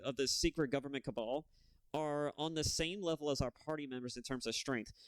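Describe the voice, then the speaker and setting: A young man rants on a casual gaming stream, profane and heated, his talk rambling from one point to the next. His voice sits a little high and sounds smooth and clean. The close mic catches it dry, with no room sound. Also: no echo.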